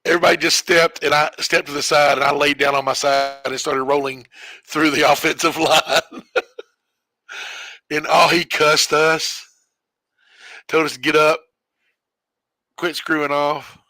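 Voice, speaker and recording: A man with a bright, forceful voice tells a meandering story while playing a game. He backtracks, corrects himself and chuckles along the way. The sound is dry and close. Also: a little high, flat delivery, measured pace, long pauses, no echo. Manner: rambling, self-correcting storyteller who chuckles often. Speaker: streamer. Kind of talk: casual storytelling while gaming.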